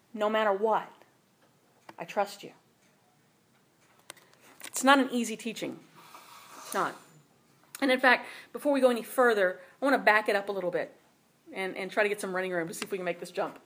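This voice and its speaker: A woman teaching a sermon in a conversational way, often checking in with her listeners. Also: on the high side. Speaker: Bible teacher.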